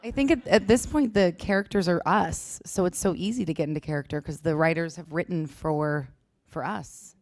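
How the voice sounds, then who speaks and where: Bubbly actress lady, kinda low voice, jumping in on a panel. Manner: bubbly, quick to chime in. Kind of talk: panel interview answers.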